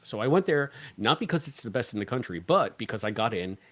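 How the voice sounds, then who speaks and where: A man co-hosting a casual podcast, telling stories in a chatty, animated way. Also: mid-range voice, quick pace. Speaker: podcast co-host.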